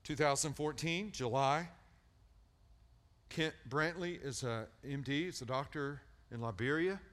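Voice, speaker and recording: A male pastor preaching a sermon, animated and storytelling, repeating words for emphasis and swinging from loud peaks to hushed lines. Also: fairly high pitch, measured pace.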